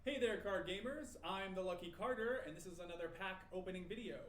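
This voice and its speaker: A man's voice: high-pitched, quick pace, fairly bright tone. An actor playing a hyped male card-pack-opening video host in a game clip, with gushing, salesy patter. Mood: excited. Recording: echoey room with faint ambience.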